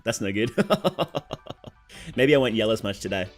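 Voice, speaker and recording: A man's voice: lowish voice, animated, normal speed, faint music behind. A young Australian man with a sore throat chatting casually on a game stream, reading out chat and answering it.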